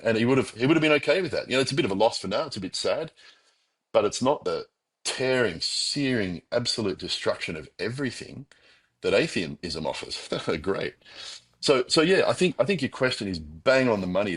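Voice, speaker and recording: Husky low-voiced Australian man. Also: fairly quick. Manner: reflective, animated, frequent restarts and quoted inner voices. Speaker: podcast guest. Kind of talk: conversational interview storytelling.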